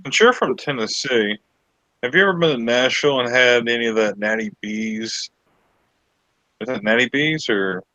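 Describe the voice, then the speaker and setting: Teasing male co-host, bright, tense tone, dull dry stream audio. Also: medium pitch, moderate pace, no echo. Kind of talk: casual chat on a live stream. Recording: dull dry mic sound.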